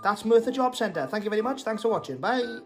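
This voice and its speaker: A man's voice: high voice, lively intonation, quick pace, over loud music. A South Welsh man delivering a profane, exasperated comic monologue to camera, ranting and swearing freely. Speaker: comedy TikTok creator.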